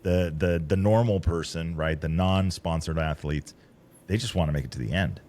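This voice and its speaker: A man's voice: deep voice, a little mellow. A man who coordinates rally support, talking casually and rambling with many restarts. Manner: rambling, halting with repeated restarts. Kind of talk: casual conversation.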